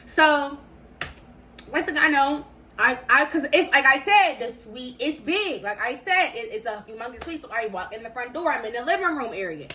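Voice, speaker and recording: Young woman vlogger, bright, animated storyteller with slangy, repetitive delivery. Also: sits high, normal speed. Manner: slangy, animated, repeats phrases for emphasis. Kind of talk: casual storytelling.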